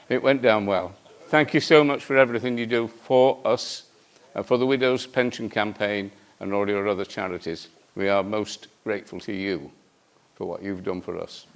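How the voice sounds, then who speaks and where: A man's voice: medium pitch, fairly bright tone, a little hiss or hum. A man chairing a conference, thanking a speaker and announcing the next item in a loose, self-deprecating way with some hesitations. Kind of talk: conference hosting remarks.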